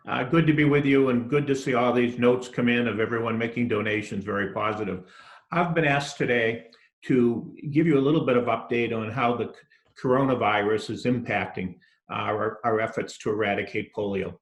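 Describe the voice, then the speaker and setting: A man who chairs a committee gives an update on a livestream, speaking in a measured way with hesitations. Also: mid-range voice, fairly even intonation, echoey room.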